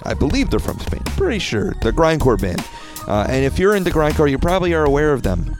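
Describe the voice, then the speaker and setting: A man's voice: a little high, very animated, quick pace, music in the background. A young man hosting a podcast, rambling casually with lots of swearing and filler words. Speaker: podcast host.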